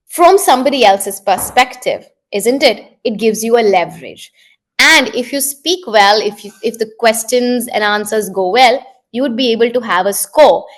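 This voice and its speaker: A woman from India, an IELTS instructor and communication coach, explaining step by step in a brisk interview, often checking in with tag questions. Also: on the high side.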